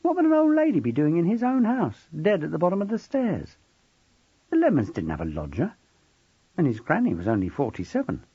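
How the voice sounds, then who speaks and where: A man reading a novel aloud as an expressive, wry audiobook narrator. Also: a little high, fairly quick, breathy edge, no room sound, highs cut off.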